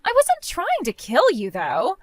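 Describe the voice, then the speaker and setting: A woman's voice: high-pitched, wildly swooping pitch, a little slow, dry recording, studio quality, soft background music, pitched above the performer's own voice, exaggerated voice. A woman voicing a spiteful young woman, the groom's sister, who talks in a mocking, dismissive way.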